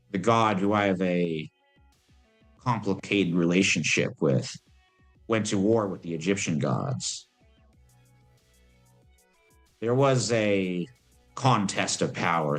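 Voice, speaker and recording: A man voicing Lilith, an ancient female demon who is calm and worldly, speaking in a measured, musing way. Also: sits low, exaggerated voice.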